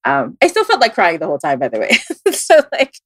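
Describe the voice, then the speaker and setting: A woman with a fairly low voice tells a story in a loose, chatty way, with plenty of "like" fillers. She reads tarot, and the recording is close and dry with no room sound. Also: a little fast, no echo. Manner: animated, frequent "like" fillers. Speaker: tarot reader telling a story. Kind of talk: casual storytelling.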